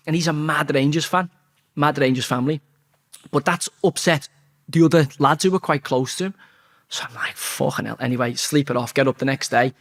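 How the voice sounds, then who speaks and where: A man, telling a football story in a blunt, sweary, animated way during a casual interview. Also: a little high.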